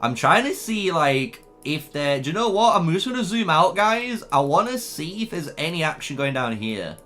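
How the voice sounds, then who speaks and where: A man's voice: fairly high pitch, sing-song, moderate pace, pushed and bright. A man commentating live on a strategy game for his stream, chatty and laughing often as he talks to his chat. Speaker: gaming streamer. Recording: faint music behind.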